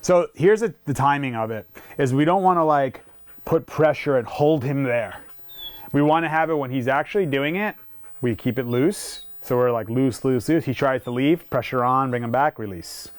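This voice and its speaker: A man in the middle of a live training session, talking through each step in a relaxed, conversational way at a middling pitch. He keeps explaining to the owner, then breaks off for quick praise to the dog before picking the point back up. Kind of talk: casual instructional talk.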